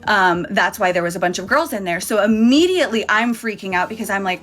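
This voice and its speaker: Bright-voiced woman telling a chatty story. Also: medium pitch, animated, fast talker. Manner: candid, chatty, swears freely. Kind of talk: casual storytime vlog. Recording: faint music behind.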